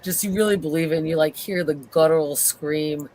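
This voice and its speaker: A podcast co-host in a casual show recap, retelling scenes with lively acted-out quotes. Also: mid-range voice, a little fast. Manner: animated retelling, acts out quotes.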